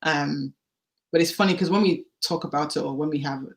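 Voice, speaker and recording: A woman telling her personal story as a podcast guest, candid and animated, acting out the dialogue she recalls. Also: sits low, a little fast, gravelly. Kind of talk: personal testimony in a podcast interview.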